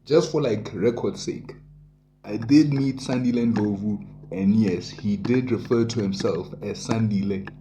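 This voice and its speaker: A man's voice: lowish voice, unhurried, dark tone, echoey room, soft background music. A young South African man casually telling a personal story, full of township slang and voiced asides. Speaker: podcast host.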